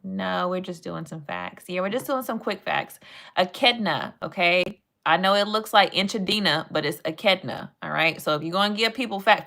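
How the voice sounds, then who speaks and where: A woman's voice: mid-range voice, moderate pace, vocal fry, pushed and bright. A young woman chatting playfully with her live-stream chat and reading animal facts aloud.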